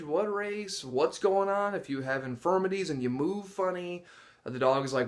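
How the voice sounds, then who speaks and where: A man's voice: a little high, brisk. A man working as a dog trainer, talking casually to the camera about training and testing dogs. He acts out dogs' and people's reactions with gasps and laughs. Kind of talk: casual instructional talk to camera.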